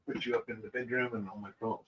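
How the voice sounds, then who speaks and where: A man's voice: lowish voice, fairly even intonation, fast talker, fairly bright tone, rough recording. A man chiming in briefly from the background of a home live stream.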